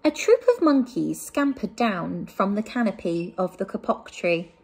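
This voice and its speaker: A woman teacher from England reading a picture book aloud to young children, with gentle asides to them. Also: mid-range voice, animated, a little slow, gravelly, breathy edge.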